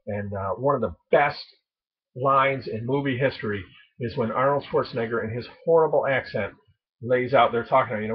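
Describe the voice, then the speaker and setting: Brief: male vlogger, husky voice, rambling and enthusiastic, dull lo-fi recording. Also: mid-range voice, fairly quick. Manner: rambling, enthusiastic, many fillers. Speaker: prepping channel vlogger. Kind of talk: casual movie list chat.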